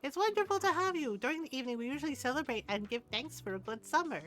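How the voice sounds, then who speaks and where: An older woman reading aloud the lines of a friendly villager who hosts a summer bonfire in a game, in a plain, calm voice. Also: high voice, fast talker, pitched above the performer's own voice.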